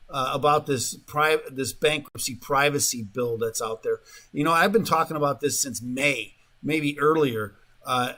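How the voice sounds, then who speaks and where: A man's voice: medium pitch, fairly bright tone. A man hosting a talk radio show, rambling in a casual monologue full of fillers and restarts, sometimes mocking the voices of the people he quotes, in a radio studio.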